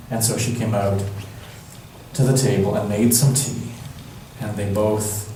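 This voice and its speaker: A man telling a Bible story to children in church, gentle and musing. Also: on the low side, fairly even intonation, moderate pace, a little hiss or hum. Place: church sanctuary. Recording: echoey church hall from far off.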